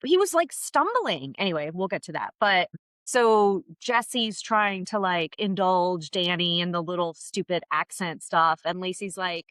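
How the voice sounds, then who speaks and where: A woman co-hosting a podcast, chatting casually and bluntly about reality TV gossip, with animated, opinionated storytelling. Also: lowish voice, a little slow, dry recording. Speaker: podcast co-host.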